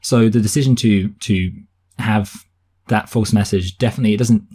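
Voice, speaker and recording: A man's voice: lowish voice, steady tone, normal speed, dark tone, husky. A man with a southern English accent co-hosting a casual film review podcast, thinking aloud and restarting his sentences as he goes. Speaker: podcast co-host reviewing films. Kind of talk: casual chat.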